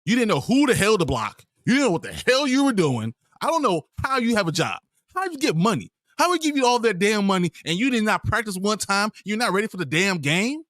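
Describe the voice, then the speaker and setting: A man's voice: sits high, sing-song, a little fast, few pauses, a bit bright, dry recording. A man hosting a sports podcast, ranting in an exasperated, profane way at his team's players. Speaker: podcast host.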